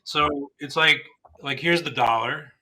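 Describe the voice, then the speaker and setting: Bright-toned man explaining market charts. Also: a little high, unhurried, slight background noise. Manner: explanatory, hedging with "I mean" and "like". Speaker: co-host of a trading show. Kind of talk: casual market chat.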